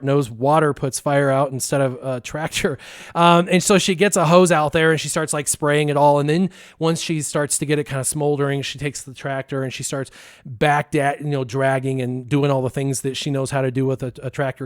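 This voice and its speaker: A man casually telling a funny story, lively and laughing as he acts out the voices of the people in it. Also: on the high side, normal speed, dry recording, clean studio sound. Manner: animated, laughing, acts out quotes. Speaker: guest storyteller.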